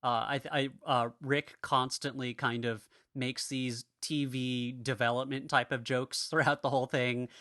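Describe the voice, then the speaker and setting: A man's voice: mid-range voice, little pitch movement, normal speed, few pauses, pushed and bright, dry recording, studio quality. A man co-hosting a podcast, talking in a rambling, casual way with frequent restarts and laughter. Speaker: podcast co-host.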